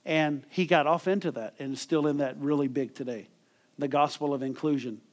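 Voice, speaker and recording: Middle-aged guy preaching, kinda high voice, emphatic pastor asking for amens. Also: a little fast. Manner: emphatic preaching with call-and-response. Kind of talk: sermon.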